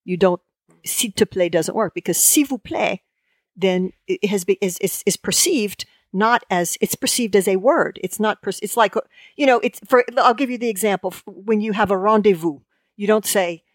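A woman, a guest in a conversational interview, talking in halting bursts full of restarts and fillers. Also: medium pitch, dry recording, studio quality. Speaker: guest lexicographer.

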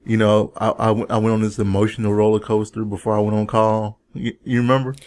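A man's voice: fairly low pitch, flat delivery, fast, a little mellow. Playful male podcast co-host, casual banter. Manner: playful, jokey, repeats his own gags. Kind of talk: casual chat.

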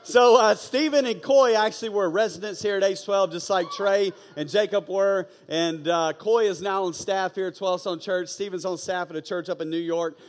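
A young man giving an energetic, conversational youth sermon and often asking "you know what I'm saying". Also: high voice, moderate pace, hardly any pauses. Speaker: youth pastor. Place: large church auditorium. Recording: long hall reverb.

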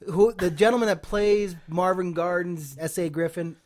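A man co-hosting a podcast, chatting casually and enthusiastically with quick interjections. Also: high-pitched, steady tone, a little mellow. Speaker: podcast co-host. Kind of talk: casual chat about a TV show.

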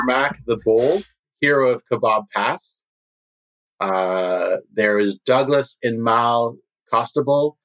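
A man acting as game master in a casual tabletop role-playing session, relaxed and chatty with laughter. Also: lowish voice, dull audio. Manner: relaxed, laughing, lots of fillers.

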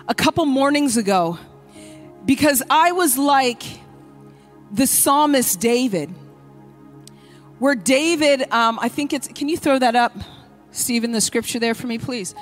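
Woman pastor preaching in church, high voice, acts out prayers, soft music under it. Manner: impassioned preaching, acting out prayers. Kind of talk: sermon.

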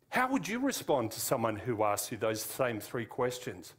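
A man's voice: medium pitch, huge pitch swings, moderate pace, hardly any pauses, husky. A man with an Australian accent giving an informal sermon, with frequent fillers and self-corrections. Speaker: preacher. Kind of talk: sermon teaching.

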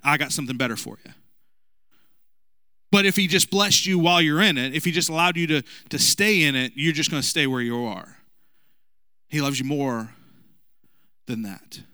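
A man's voice: on the high side, normal speed, long pauses, sharp tone, clean tone, dry recording. A man in his thirties, a pastor giving a casual, joking sermon with asides to the congregation. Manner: conversational, jokey preaching with asides to the congregation.

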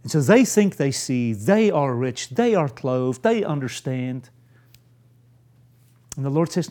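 Lively, expressive male preacher. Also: medium pitch, slow pace, long pauses. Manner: reads scripture aloud then explains it, dynamic delivery. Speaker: pastor. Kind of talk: sermon.

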